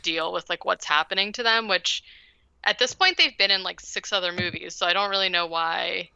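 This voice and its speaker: A woman's voice: fairly low pitch, moderate pace, gravelly, pushed and bright, clean tone, dry recording, muffled recording. A woman co-hosting a podcast, casually recapping a movie in a rambling way, with lots of "like". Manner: rambling, heavy use of "like". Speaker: podcast co-host.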